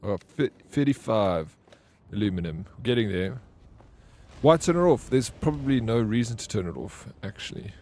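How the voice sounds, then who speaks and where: A man's voice: on the low side, lively intonation, moderate pace, darkish tone. A man streaming a video game live, chatting casually with viewers and telling rambling stories full of fillers and restarts. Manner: reads out and answers chat messages. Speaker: livestreamer. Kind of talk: casual live gameplay chat.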